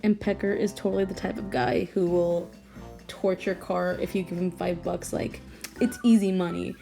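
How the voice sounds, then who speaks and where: A woman's voice: on the low side, steady tone, moderate pace, creaky, dark tone, soft background music. A young woman rambling casually at home about her own character drawing, restarting sentences and laughing often. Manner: rambling, self-interrupting, giggly. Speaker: artist vlogger. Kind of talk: casual late-night rambling.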